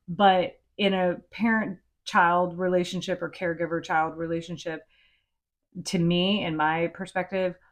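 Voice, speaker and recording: A middle-aged woman hosting a podcast, giving frank, conversational advice and sometimes swearing. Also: on the low side. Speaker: podcast host. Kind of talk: casual advice talk.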